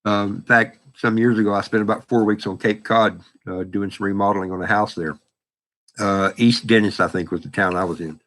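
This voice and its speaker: A man in his 60s hosts a casual livestream, rambling in a folksy manner and talking back to messages in the chat. His voice is fairly low and fairly bright, with fairly even intonation, and he speaks fairly quickly.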